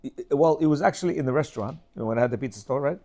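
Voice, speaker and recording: A man's voice: mid-range voice, racing, warm tone. A middle-aged man telling a rambling personal story with many restarts and acted quotes, as host of a casual talk.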